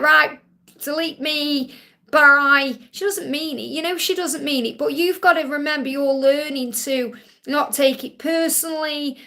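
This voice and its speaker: Woman, psychic reader, live-stream Q&A, high pitched, soothing, reassuring, repeats key phrases. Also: gravelly, fairly bright tone. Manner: soothing, reassuring, often ends with "okay?". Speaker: psychic reader answering viewer questions. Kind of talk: live-stream Q&A card reading.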